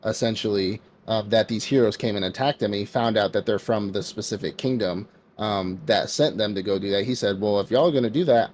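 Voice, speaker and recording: A man with a fairly low voice retells an anime story in a loose, rambling podcast style. He slips into the characters' lines and fills his talk with "like". A faint hiss sits under the recording. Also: brisk, few pauses, darkish tone. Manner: loose storytelling, acts out quotes, many fillers like "like". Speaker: podcast co-host. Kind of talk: casual anime recap.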